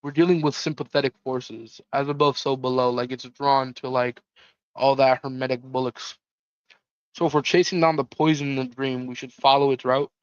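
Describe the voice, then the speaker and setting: A man's voice: medium pitch, level tone, moderate pace, smooth, no room sound, lo-fi sound, lightly acted. A man voicing a world-weary occult detective, dry and sardonic.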